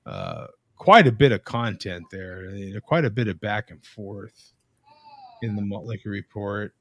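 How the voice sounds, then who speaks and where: A man's voice: fairly low pitch, very animated, a little slow, a bit bright, slight background noise. A man hosting a live web show from a video call, chatting casually and explaining things to his viewers. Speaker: host.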